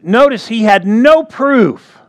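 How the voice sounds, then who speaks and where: A man's voice: very high voice, expressive, takes it slowly. A man preaching a sermon in a conversational way, often checking in with the congregation. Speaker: pastor.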